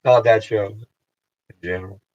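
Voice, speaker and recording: Deep-voiced man rambling, lo-fi. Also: fairly even intonation. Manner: meandering, profane, halting restarts. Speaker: vlogger. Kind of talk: rambling casual monologue to camera.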